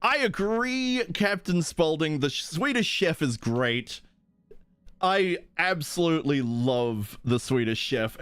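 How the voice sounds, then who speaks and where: A man's voice: mid-range voice, fairly bright tone, no echo. A man streaming live, chatting casually and playfully, giggling and goofing around with silly pronunciations. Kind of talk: casual livestream chat.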